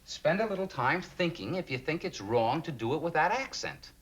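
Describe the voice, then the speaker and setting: An actor playing a gentle, patient man who gives his girlfriend calm advice in a 1960s sitcom. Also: fairly high pitch, normal speed, natural voice, low-quality recording. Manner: gentle, patient, calls her honey.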